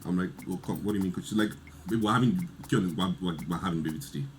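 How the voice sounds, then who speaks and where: A man, telling a lively story in casual chat and acting out the quotes. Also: low-pitched, fast talker, a little hiss or hum. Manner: animated storyteller, laughs often, acts out quotes. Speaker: podcast guest.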